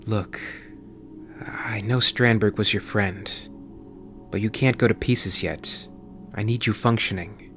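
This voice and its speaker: A man's voice: on the low side, fairly even intonation, moderate pace, faint music behind, lightly acted. A man reading an audiobook voices a tough, determined woman who speaks firmly and commandingly. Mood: low firm. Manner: firm, commanding.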